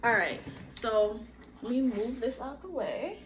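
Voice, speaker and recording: Excitable woman gushing over an unboxing. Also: a little high, unhurried, very noisy. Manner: excitable, gushing, exclaims often. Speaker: podcast host doing an unboxing. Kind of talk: casual unboxing chat to camera. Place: bedroom workstation at home.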